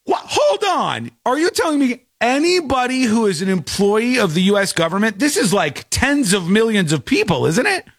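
A man's voice: high voice, fairly quick, few pauses, no echo, studio quality. A man co-hosting a casual chat, incredulous and joking as he reacts to a clip. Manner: incredulous, animated, jokey. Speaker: podcast co-host.

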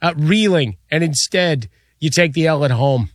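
A man co-hosting a sports radio show, chiming in with quick, playful remarks. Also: fairly high pitch, animated, no echo, studio quality. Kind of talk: casual sports radio chat. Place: radio studio. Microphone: studio microphone.

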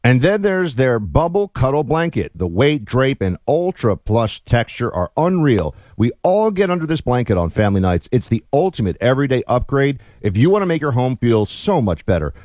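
Lively joking radio co-host. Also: male voice, mid-range voice, dry recording, studio quality. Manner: joking, teasing. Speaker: co-host of a talk radio show. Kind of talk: casual banter and ad reads.

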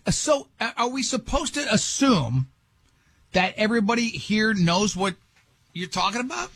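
A male radio host chatting casually, teasing his guest and tripping over his own sentences. His voice sits high and a bit husky. The studio sound is dry and close. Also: sing-song, unhurried, fairly bright tone, dry recording. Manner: rambling, self-interrupting, teasing.

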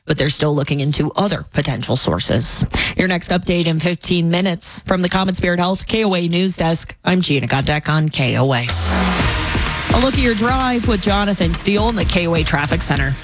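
A woman reading the radio news as anchor, with a crisp, scripted delivery. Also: lowish voice, expressive, a little fast, soft background music. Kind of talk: radio newscast and chat.

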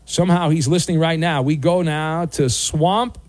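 A man hosting a sports talk radio show from a studio, wry and bantering, with bursts of loud mock outrage. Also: on the high side, steady tone, moderate pace, no echo. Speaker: radio host. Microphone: studio microphone.

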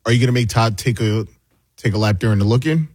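A man's voice: mid-range voice, fast talker, darkish tone, breathy edge, no echo, clean studio sound. A man on a radio show crew chiming in with wry remarks. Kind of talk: casual radio chat.

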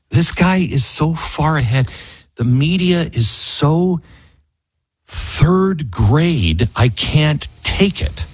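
A man's voice: fairly high pitch, expressive, slow, husky, no room sound. A man hosting talk radio, giving emphatic, argumentative political commentary from a studio. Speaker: radio talk show host.

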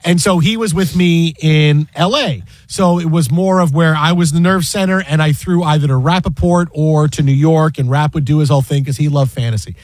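A man, a sports broadcaster, telling a story in animated casual chat with many repeated words. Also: on the high side, normal speed, hardly any pauses, dry recording.

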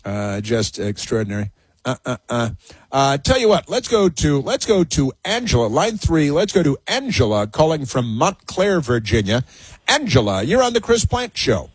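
A man's voice: medium pitch, very animated, moderate pace, breathy edge, no room sound. A man hosting a political talk radio show, sarcastic and scornful, with many filler sounds.

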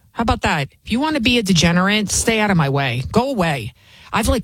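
A woman's voice: lowish voice, dry recording. A woman, hosting an opinionated commentary show in an indignant, repetitive rant.

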